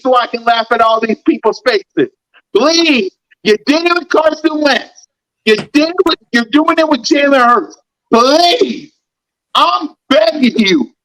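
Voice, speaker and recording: Philly guy w a really high voice going off on a sports podcast, repeats himself a lot. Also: fairly bright tone, rough recording. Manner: fired-up, repetitive ranting. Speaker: podcast host. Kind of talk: heated sports podcast rant.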